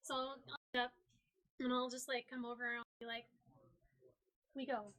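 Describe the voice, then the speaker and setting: A woman's voice: high-pitched, flat delivery, fast, pushed and bright. A woman playing a tabletop game, explaining her moves in a casual, filler-laden way. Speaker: player.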